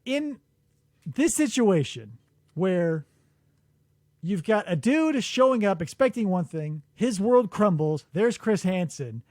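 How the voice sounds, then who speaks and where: Podcast host, male. High, very expressive storyteller who acts out quotes. Dry studio sound. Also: slow pace, no echo. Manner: animated storytelling, acts out quotes, swears freely. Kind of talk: casual chat. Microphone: studio microphone.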